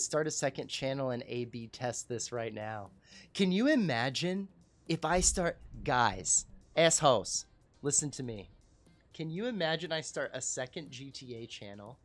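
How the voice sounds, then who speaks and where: Rambling, cursing talk show host man. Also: mid-range voice. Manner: rambling, profane, self-mocking. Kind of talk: casual livestream talk.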